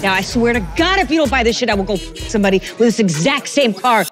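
A woman's voice: on the high side, lively intonation. A woman acting a brash, sassy mother in a comedy series. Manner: sassy, brash, quick comebacks. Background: loud trailer music.

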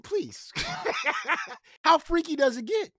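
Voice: very high voice, wildly swooping pitch, very slow, fairly bright tone, dry recording. A stream reactor giving crude, laughing commentary on a clip.

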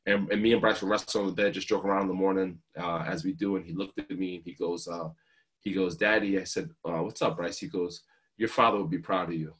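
A man's voice: low-pitched, steady tone, quick pace, fairly bright tone. A man in his thirties from New Jersey, a guest speaker telling heartfelt, earnest stories about family. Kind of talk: emotional storytelling.

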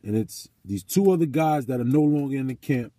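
A man's voice: medium pitch, expressive, fairly quick, warm tone, dry recording. A man telling a story in a casual vlog and turning it into a sermon, cursing often and repeating phrases for emphasis. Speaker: vlogger.

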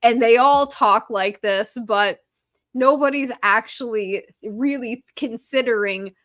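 A woman, a journalist guest on a podcast interview, talking in an animated, sarcastic way with many fillers. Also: on the high side, slow, no room sound, clean studio sound.

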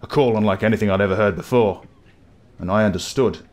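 A man voicing a grizzled old sailor in a game tavern, with a put-on West Country accent and a gruff, brooding way of telling tales. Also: on the low side, fast talker, natural voice. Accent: West Country English, put on.

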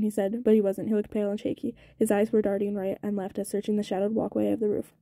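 Woman reading a novel fast, dark tone. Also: mid-range voice, little pitch movement, creaky, no echo. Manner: fast reading with small stumbles and restarts. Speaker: audiobook reader.

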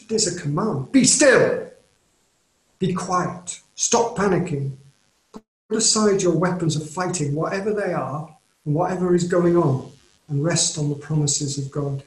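Earnest English preacher in a roomy echo. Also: male voice, on the high side, darkish tone. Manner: earnest, measured, emphatic on key phrases. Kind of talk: sermon. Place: church or home, recorded for online service.

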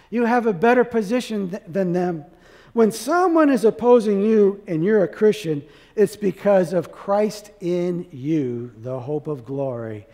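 A man with a notably high voice delivers a sermon, pressing his listeners with rhetorical questions. His voice carries a long reverb, as if from a large church sanctuary. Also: mellow. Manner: preaching with rhetorical questions to the congregation. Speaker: pastor.

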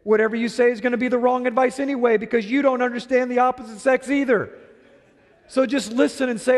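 A middle-aged male pastor preaching a sermon, telling a story with animated delivery and acting out both sides of a quarrel. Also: extremely high pitch, fast talker. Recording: long hall reverb.

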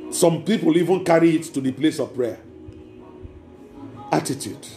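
A man's voice: a little high, moderate pace, dark tone. A man preaching a sermon as pastor, emphatic and repeating key words. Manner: emphatic preaching with acted quotes. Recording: echoey room with faint music.

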